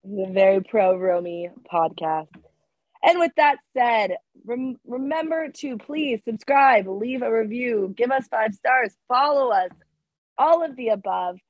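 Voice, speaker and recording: A woman co-hosts a podcast in casual chat, her voice a little high and worn down by sickness. She talks emphatically and repeats herself for emphasis. The sound is dry and somewhat dull. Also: lively intonation, a little slow, no echo. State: sick voice. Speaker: podcast co-host.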